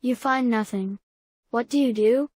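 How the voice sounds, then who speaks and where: A woman reading the part of a calm boy who coaxes his friend with steady questions. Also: fairly high pitch, a little slow. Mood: coaxing. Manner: calm, coaxing, repetitive questions.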